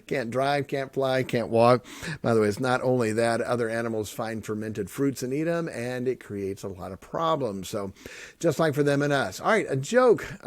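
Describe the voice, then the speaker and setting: A middle-aged man hosting a podcast, joking and sarcastic, swinging between loud bits and soft earnest talk. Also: medium pitch, no room sound. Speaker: podcast host and pastor. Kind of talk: casual podcast monologue.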